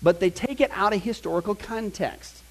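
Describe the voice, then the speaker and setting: A middle-aged man preaching and teaching in a conversational, animated way, with asides to the congregation. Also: high-pitched, normal speed. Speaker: pastor teaching a Bible class. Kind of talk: sermon.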